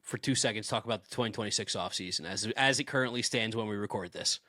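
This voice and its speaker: A man co-hosting a podcast in casual sports chat, animated and opinionated, laughing easily. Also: on the low side, quick pace, dry recording, clean studio sound. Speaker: podcast co-host.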